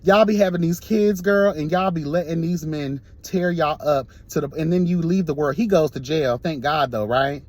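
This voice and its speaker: A man's voice: a little high, normal speed, few pauses, darkish tone. A man giving an impassioned, sassy straight-talk monologue as a vlogger while driving, recorded on a phone. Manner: sassy, emphatic, keeps calling listeners girl.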